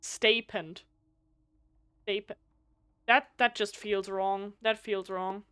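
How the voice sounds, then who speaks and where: A woman whose first language is German, streaming a game live, reading its text aloud and thinking out loud, often stumbling over words and restarting. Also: medium pitch, steady tone, slow, clean tone, no room sound, clean studio sound.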